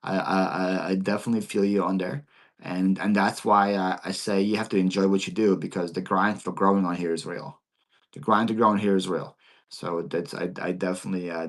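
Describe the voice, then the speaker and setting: Philly accent guy hosting a seller livestream q&a, kinda low voice, keeps tripping over his words. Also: steady tone. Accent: Philadelphia. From Ukraine, raised in Philadelphia. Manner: halting, repeats words often. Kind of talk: casual livestream Q&A.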